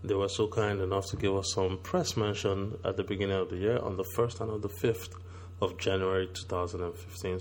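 A man's voice: on the low side, vocal fry, darkish tone. A man with a sore throat hosting a podcast, talking in an upbeat, chatty way. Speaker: podcast host. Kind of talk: casual podcast talk.

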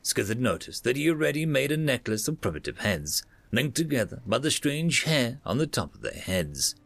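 Gravelly, expressive male storyteller. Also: medium pitch, normal speed, no room sound. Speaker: narrator. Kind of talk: storytelling narration.

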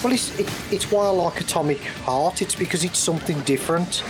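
A man co-hosting a casual gaming podcast over an online call, eager and quick to ask questions. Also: high voice, noisy background. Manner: eager, asks questions, enthusiastic. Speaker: podcast co-host.

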